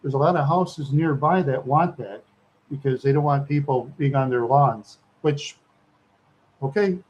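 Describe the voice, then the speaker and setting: A man's voice: mid-range voice, unhurried. Brief: man from Minnesota, rambling live-stream host, frequent chuckles, slightly lo-fi recording. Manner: chuckles often, repeats words, rambling.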